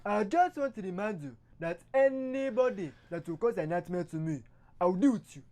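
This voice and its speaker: Male comic as a threatening strongman leader, slow and booming, high. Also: expressive, darkish tone. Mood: menacing.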